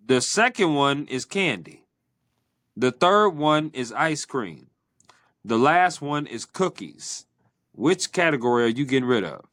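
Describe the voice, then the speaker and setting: A man hosting a podcast, asking quick either-or questions in a playful, teasing way. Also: fairly high pitch, a bit bright, no room sound, clean studio sound. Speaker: podcast host. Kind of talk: casual interview chat.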